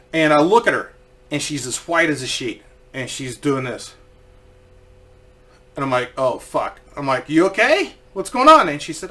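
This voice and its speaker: A man casually telling a story, swearing freely and acting out what people said. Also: a little high. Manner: profane, animated, acts out quoted voices.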